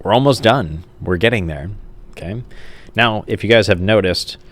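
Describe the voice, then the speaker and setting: A man's voice: lowish voice, moderate pace. A male teacher giving a recorded grammar lesson, talking casually while writing on a page and often checking in with the class. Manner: casual, says "like" and checks in with "okay?". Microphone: camera mic.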